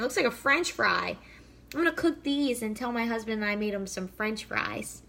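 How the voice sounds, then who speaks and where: A woman's voice: on the high side, expressive, unhurried, gravelly, a bit bright. A woman in her thirties chatting casually and bubbly while cooking in her home kitchen, full of fillers. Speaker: fitness vlogger. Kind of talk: casual live cooking chat.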